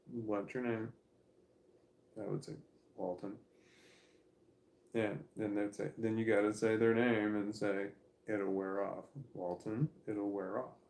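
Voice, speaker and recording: Gravelly-voiced man rambling casually. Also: lowish voice, darkish tone, low-quality recording. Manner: rambling, laughs often, swears casually. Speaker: vlogger.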